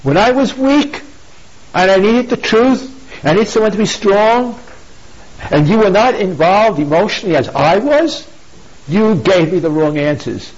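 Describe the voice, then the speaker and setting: A man's voice: sits high, animated, measured pace, voice pushed up. Man voicing Dido, a bitter queen. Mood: bitter accusing. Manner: accusing, emphatic. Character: betrayed grieving queen Dido, woman, bitter. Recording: dull lo-fi recording.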